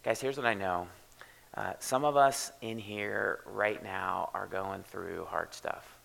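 A man preaching a sermon as a pastor, his low voice edged with gravel yet bright and forceful in tone. He talks loosely and conversationally, restarting phrases and sinking into hushed, soft passages. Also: fairly even intonation, takes it slowly, rough recording. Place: church.

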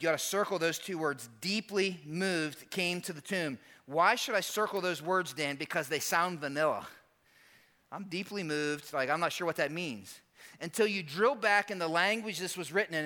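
A man preaching a sermon as pastor, asking rhetorical questions, swinging between hushed and emphatic delivery. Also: high voice. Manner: dynamic preaching with rhetorical questions and dramatic pauses.

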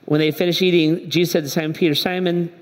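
A man's voice: fairly high pitch, steady tone, racing. A male pastor preaching a sermon in a church, telling the story conversationally and acting out the dialogue. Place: church hall. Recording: echoey hall.

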